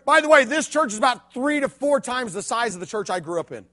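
High-pitched middle-aged preacher guy from illinois, goes quiet then yells in his sermon story. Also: animated, fairly quick, hardly any pauses. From Illinois, USA. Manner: swings from hushed to shouting. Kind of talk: sermon testimony.

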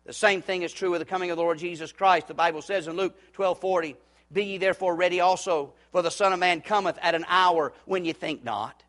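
A male preacher delivers an urgent sermon in a slightly high voice. He rises to shouting warnings, then sinks to a low, hushed plea. His delivery is earnest and insistent throughout. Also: fairly quick. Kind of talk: evangelistic sermon.

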